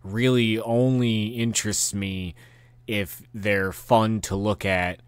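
A man's voice: lowish voice, level tone, slow pace, clean tone, no room sound. A man hosting a podcast, delivering a rambling, profane rant with angry bursts and frequent restarts. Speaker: podcast host.

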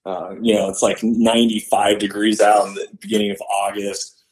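A man's voice: on the low side, moderate pace, poor audio. A man, a podcast guest and hunter, telling a story casually and acting out the voices of the people in it. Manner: animated, acts out quoted voices.

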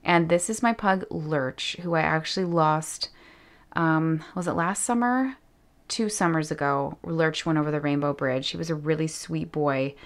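A woman's voice: deep voice, unhurried. A woman vlogger chatting casually as she unboxes fan mail at home, effusive and often dropping to an awed whisper. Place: home studio.

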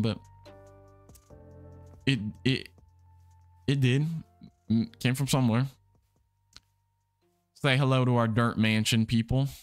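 A young man chats loosely through a game livestream, his voice sitting at an ordinary middle pitch. He rambles and restarts his sentences in a relaxed way. Quiet music plays softly behind him. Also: slow, long pauses. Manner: relaxed, rambling, repeats words and restarts often. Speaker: livestream gamer host. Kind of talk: casual livestream chat while playing. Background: soft background music.

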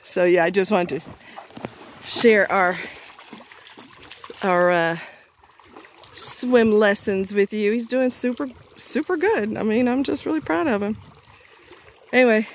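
By a lake, a woman vlogs in a casual way, talking to her viewers while she coaxes and praises her dog. She speaks slowly in a mid-range voice and pauses often, with a little hiss or hum in the recording.

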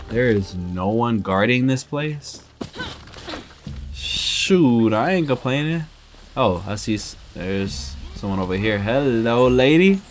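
Excitable man narrating his gameplay. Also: medium pitch, slow pace, a little hiss or hum. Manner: chatty, bursts into loud excited yelps. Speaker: gameplay commentator. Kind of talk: casual let's-play commentary.

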